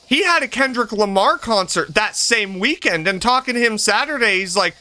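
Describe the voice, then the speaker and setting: This stream host, a man in his thirties, has a high voice and talks at a moderate pace with hardly any pauses. Chatting casually as he games, he's lively and profane, often laughing and spinning stories.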